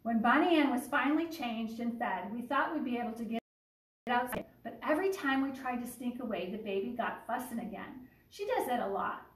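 A woman who teaches young children, reading a picture book aloud with lively asides, then speaking to families. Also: on the high side, fairly quick, far from the mic. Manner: warm, animated storytelling with asides. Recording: echoey room, voice away from the mic.

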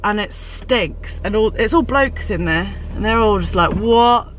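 A woman's voice: mid-range voice, expressive, normal speed, a bit bright, slight background noise. A woman chatting casually to her phone for a vlog, telling stories, swearing freely and laughing often. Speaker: vlogger. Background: music.

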